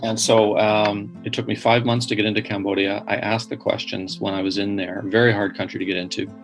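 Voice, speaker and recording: Man, low gravelly voice, animated earnest guest storyteller. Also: brisk, soft background music. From Northern Ireland. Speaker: podcast guest. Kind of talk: storytelling interview.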